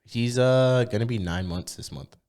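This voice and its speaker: A young man co-hosting a podcast, telling stories in casual, slang-heavy chat with lots of swearing, and getting loud when he gets worked up. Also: medium pitch, moderate pace. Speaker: podcast co-host.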